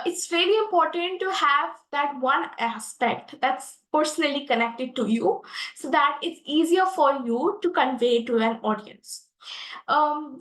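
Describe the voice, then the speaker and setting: A woman's voice: high voice, fairly bright tone, echoey room, poor audio. A young woman with an Indian English accent teaching a public speaking lesson, earnest and full of fillers and restarts. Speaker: guest expert speaker.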